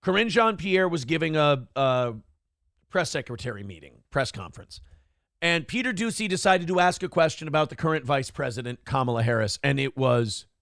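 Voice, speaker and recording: Male show host, high gravelly voice, sarcastic profane commentary. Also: lively intonation, fairly quick, a bit bright, dry recording, studio quality. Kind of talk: opinionated commentary over clips.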